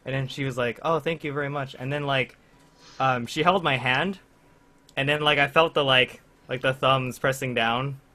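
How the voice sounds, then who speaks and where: Bright-voiced young man telling stories. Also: medium pitch, steady tone, normal speed. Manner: rambling storytelling with fillers and laughs. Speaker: podcast co-host. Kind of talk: casual chat among friends.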